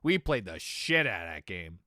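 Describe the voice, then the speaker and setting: Lively young man streamer, bright voice. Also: deep voice, no echo, clean studio sound. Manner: animated storytelling, quick swings from mumbling to loud exclaiming; laughs often, swears freely. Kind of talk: casual chat.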